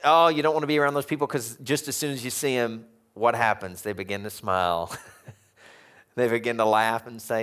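A man preaching a conversational sermon in a church, animated and chuckling often. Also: mid-range voice, fairly quick. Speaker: pastor. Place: church sanctuary.

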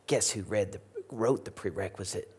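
A man's voice: fairly low pitch, normal speed, darkish tone, breathy edge, voice pushed down. A man voicing a stern Cajun woman in her sixties, an English teacher speaking in clipped Southern dialect. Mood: stern, quiet. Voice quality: clipped Southern dialect, calls kids young'un.

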